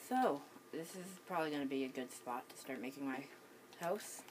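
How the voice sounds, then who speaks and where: A woman's voice: extremely low pitch, lively intonation, moderate pace, noisy background. A woman with the hiccups giving casual gameplay commentary at home, hesitant, with many ums and restarts. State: has the hiccups. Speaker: gaming channel host.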